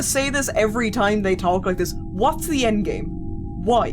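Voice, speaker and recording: A woman's voice: mid-range voice, lively intonation, normal speed. Sweary sarcastic woman streamer. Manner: profane, sarcastic griping. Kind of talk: let's play commentary. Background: game music.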